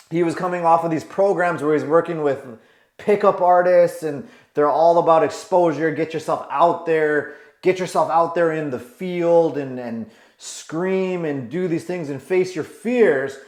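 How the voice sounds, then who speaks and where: Guy coach talking through a client story, kinda high voice, echoey room. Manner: emphatic, rhetorical questions. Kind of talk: advice monologue. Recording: roomy echo.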